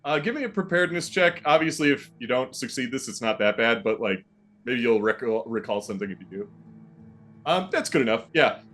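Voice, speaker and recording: A man's voice: mid-range voice, animated, a little fast, fairly bright tone. A man narrating a tabletop horror game as game master, in a loose, rambling way full of ums and restarts.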